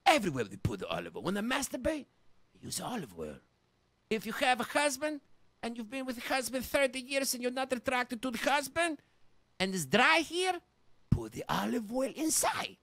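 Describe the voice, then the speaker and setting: A man playing a loud, boastful, middle-aged Greek immigrant dad with a Greek accent and broken English, ranting as a comedy podcast host. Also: very high-pitched, big pitch swings, moderate pace, gravelly, no echo, exaggerated voice. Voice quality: brash, shouty, broken English. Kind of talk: comedic character monologue.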